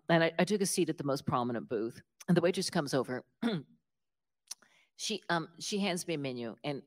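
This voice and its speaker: A middle-aged woman with a Southern Appalachian accent, telling stories in a casual interview, animated and self-deprecating with many restarts. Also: deep voice. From West Virginia, United States. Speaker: author interviewed as guest.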